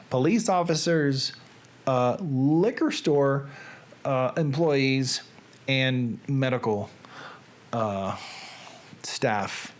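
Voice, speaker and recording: Slow-talking Southern man hosting a live stream. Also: a little high, a little hiss or hum. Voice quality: drawn-out theatrical reading with long pauses. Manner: chatty, self-deprecating asides to viewers. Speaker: live stream host reading aloud. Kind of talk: casual live stream chat and slow dramatic poetry reading.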